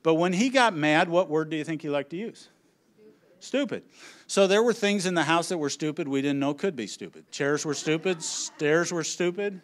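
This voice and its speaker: Middle-aged male speaker, fairly high voice, lively story-driven stage presentation. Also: a little fast, hardly any pauses. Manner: animated storyteller who acts out his family's lines. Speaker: conference speaker on children's ministry. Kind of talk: humorous presentation to an audience. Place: on a stage at a conference.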